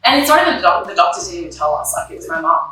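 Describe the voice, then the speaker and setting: A woman's voice: lowish voice, very animated, rapid-fire, bright, forceful tone, far from the mic. Young woman recounting loss, echoey. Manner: candid, emotional, retells her own past dialogue, many likes and ums. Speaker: interview guest. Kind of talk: personal conversation about grief. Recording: echoey room, voice off-mic, faint music.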